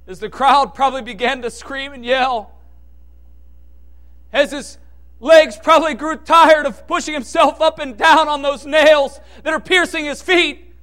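A man preaching a sermon with impassioned delivery, dropping to hushed tones and then rising to shouted peaks. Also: very high-pitched.

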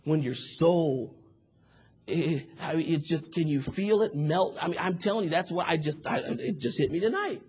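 A man with a high, husky voice delivers a sermon, starting low and quiet before rising into loud, shouted fervor. He acts out prayers and the voices of people in his story as he preaches. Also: normal speed. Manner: acts out prayers and dialogue in the telling.

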